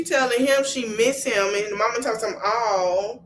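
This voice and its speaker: A woman's voice: on the high side, normal speed, hardly any pauses, poor audio. Chatty woman retelling TV drama. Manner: animated storytelling, retelling scenes in he-say-she-say fashion; slangy, colloquial asides to listeners. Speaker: podcast host. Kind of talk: casual reality TV recap.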